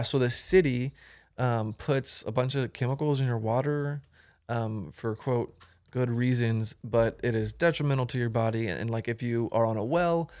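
A man's voice: mid-range voice, no room sound, studio quality. A young man, a guest on a podcast, talking casually and rambling with many ums and restarts. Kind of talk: casual conversation.

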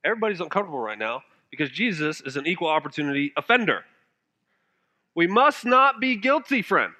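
A man preaching a sermon with passion, now and then dropping his voice to a hush for emphasis. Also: very animated, brisk. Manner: impassioned preaching, dropping to hushed low phrases for emphasis. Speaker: pastor.

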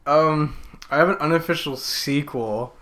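A man's voice: a little high, a little slow, fairly bright tone. A man co-hosting a casual movie podcast, laughing easily and telling loose stories.

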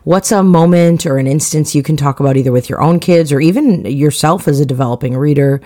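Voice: mid-range voice, brisk, warm tone. Encouraging podcast host steering the talk. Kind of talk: moderating podcast discussion.

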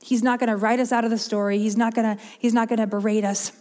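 A woman's voice: fairly high pitch, level tone, fast talker, a little mellow, in a large hall. A woman preaching a sermon in an earnest, heartfelt way, often restarting and repeating her words.

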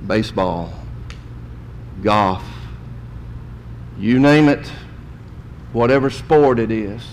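Folksy preacher in a reverberant hall. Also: male voice, expressive, takes it slowly. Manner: folksy preaching, swings from loud storytelling to quiet gravity. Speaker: pastor. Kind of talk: sermon. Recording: long hall reverb, faint rumble.

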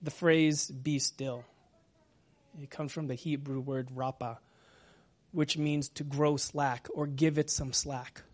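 A male pastor preaching in a slow, unhurried way, leaving room between his phrases. His voice sits at an ordinary middle pitch, and he softens to a hushed whisper when he leans into a line. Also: level tone. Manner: slow, gentle, drops to a whisper at times. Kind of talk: sermon.

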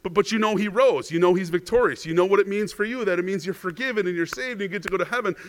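A man's voice: high-pitched, racing. A male pastor preaching a conversational sermon. He often checks in with the congregation with "right?" and repeats words when he stresses a point. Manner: chatty, asks the congregation "right?".

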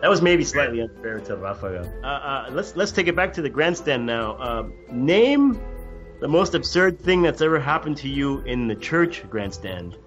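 A man's voice: medium pitch, sing-song, normal speed, fairly bright tone, muffled recording, soft background music. A man hosting a casual podcast chat, stumbling and restarting his sentences as he talks. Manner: hesitant, restarts often. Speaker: host.

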